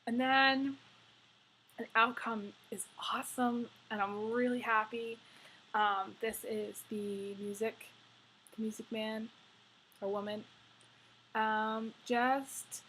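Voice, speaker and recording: A woman's voice: medium pitch, a bit bright, slight background noise, low-quality recording. A woman giving a tarot reading to camera, talking in a rambling, effusive way with many fillers. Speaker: tarot reader.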